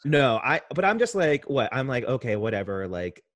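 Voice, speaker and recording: A man's voice: medium pitch, wildly swooping pitch, moderate pace, fairly bright tone, no echo. A man co-hosting a podcast, chatting casually with lots of fillers and laughter, on a headset microphone. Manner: rambling, laughs often, many fillers. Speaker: podcast co-host. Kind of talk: casual comedy chat.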